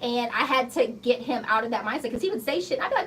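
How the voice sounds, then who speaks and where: A woman in her thirties, a guest on a radio show, telling stories in a blunt, profane, animated way. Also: fairly high pitch, quick pace, a crowd in the background. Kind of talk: casual interview chat. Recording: slightly distant mic with faint background noise.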